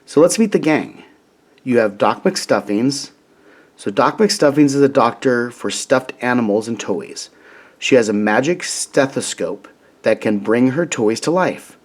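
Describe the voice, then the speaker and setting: A man reads a children's picture book aloud at a very slow, deliberate pace. His voice sits in a middling pitch, gentle and steady. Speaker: storybook reader.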